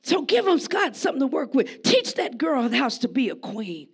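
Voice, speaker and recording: A woman preaches a sermon in a high voice with a gravelly edge. She talks to the congregation like a friend, then rises into emphatic shouts. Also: big pitch swings, normal speed.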